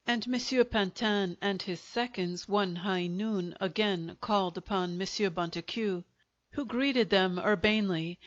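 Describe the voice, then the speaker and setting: A woman reading a short story aloud as an audiobook narrator, in a measured storytelling manner. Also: mid-range voice. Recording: dull, lo-fi audiobook recording.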